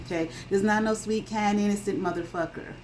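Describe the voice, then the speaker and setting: A woman's voice: mid-range voice, fairly even intonation, brisk, darkish tone, a little hiss or hum, rough recording. A woman giving a casual tarot reading to her viewers. She talks bluntly, swears freely and keeps checking in with "okay?". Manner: emphatic, checks in with frequent "okay?". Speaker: tarot reader.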